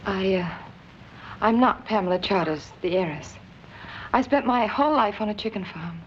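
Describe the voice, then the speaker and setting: An actress as a flustered young fake heiress. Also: female voice, mid-range voice, a little hiss or hum, lightly acted. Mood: confessing. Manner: halting, confessional. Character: young woman posing as an heiress, earnest and flustered. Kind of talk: 1930s film acting. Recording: dull 1930s film soundtrack.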